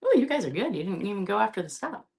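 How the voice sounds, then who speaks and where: A woman's voice: medium pitch, very animated, fast talker, gravelly, darkish tone, husky. A woman hosting a live-stream vintage sale, chatty and casual, often checking in with her viewers.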